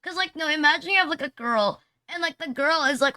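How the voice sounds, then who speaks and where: A woman's voice: high voice, fairly quick, pushed and bright, no echo. A woman streamer chatting casually on a livestream, rambling crudely with constant "like" fillers and teasing her chat. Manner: mocking, teasing banter with chat. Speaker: VTuber streamer.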